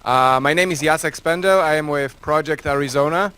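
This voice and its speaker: A man leading a student group gives a short, halting introduction to the audience with many fillers. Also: fairly high pitch, bright, forceful tone, smooth.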